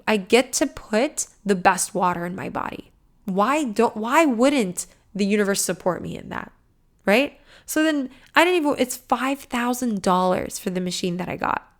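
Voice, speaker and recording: In a casual, lively motivational rant full of profanity, a female podcast host switches between booming moments and whispered asides. Her voice is a touch high, and her pace is normal.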